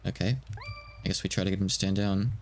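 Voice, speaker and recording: A man's voice: deep voice, fairly even intonation, quick pace, a little hiss or hum. A man streaming a game he translates live, talking to himself in hesitant, stammering asides.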